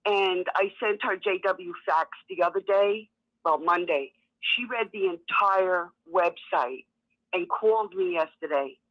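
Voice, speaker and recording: A woman's voice: on the low side, unhurried. A woman with a New York accent, calling in to a talk show and telling a story in a chatty way over the phone. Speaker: caller. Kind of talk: phone-in chat. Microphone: telephone. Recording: muffled phone line.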